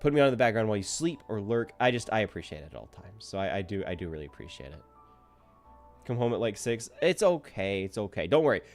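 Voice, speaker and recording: A man's voice: on the low side, big pitch swings, fast, soft background music. A man chatting casually to his viewers at the end of a stream, rambling and self-deprecating.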